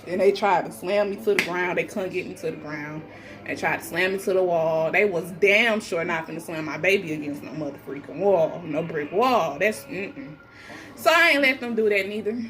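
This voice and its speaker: In a lowish, slightly bright voice at a moderate pace, a pregnant woman shares her own story in casual conversation. She's defiant and blunt, swears freely, and acts out what others said in different voices.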